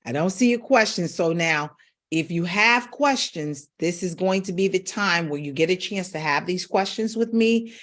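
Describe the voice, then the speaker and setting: Animated woman vocal coach teaching live. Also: fairly low pitch, moderate pace. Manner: animated, coaching directly to viewers. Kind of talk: live-streamed voice lesson.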